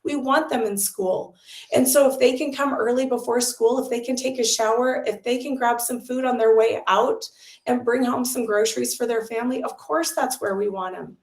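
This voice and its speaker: A woman's voice: a little high, steady tone, moderate pace, roomy sound. A middle-aged woman, a policy director, earnestly explaining figures and programs at an online volunteer meeting.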